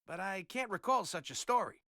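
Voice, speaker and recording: An actor playing a boastful, chatty barber questioned in a detective video game. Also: male voice, sits high, lively intonation, a little fast, pushed and bright, dry recording, clean studio sound. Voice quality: theatrical, self-assured. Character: boastful chatty male barber, middle-aged.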